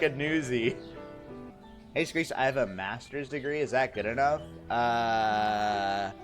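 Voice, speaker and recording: Laughing, teasing male streamer, slow delivery. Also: mid-range voice, a bit bright. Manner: laughs often, teasing and self-mocking. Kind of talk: casual chat reading viewer messages.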